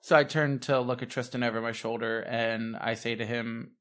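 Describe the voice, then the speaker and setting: A man with a mid-range voice plays in a tabletop game. He reacts in an animated way and slips in and out of speaking as his character. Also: mid-range voice, moderate pace, few pauses, smooth. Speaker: player. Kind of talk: tabletop role-play chat.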